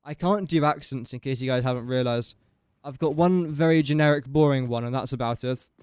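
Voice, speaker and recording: A man's voice: medium pitch, a little fast, darkish tone, clean tone, no room sound. A young man casually commentating his gameplay on a livestream, chatty and joking at his own expense. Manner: chatty, self-mocking, joking asides. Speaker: gaming livestreamer.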